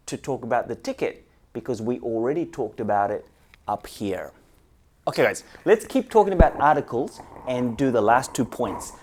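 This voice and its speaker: A man teaching English grammar, walking through each point step by step. His pitch rises and falls with a lively, animated swing. He keeps turning to his students with a friendly "guys". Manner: explains step by step, often says "guys". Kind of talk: online grammar lesson.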